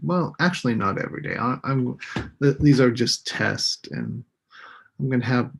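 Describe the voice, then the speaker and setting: A man teaching an English lesson on a live stream, slowly repeating each word for his students. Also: mid-range voice, creaky, slight background noise. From United States. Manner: slow, deliberate, repeats words for students.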